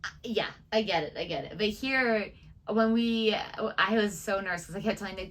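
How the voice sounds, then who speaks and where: A woman's voice: mid-range voice, normal speed, a bit bright. A woman co-hosting a reaction channel, chatting casually and adding short agreeing remarks. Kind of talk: casual chat.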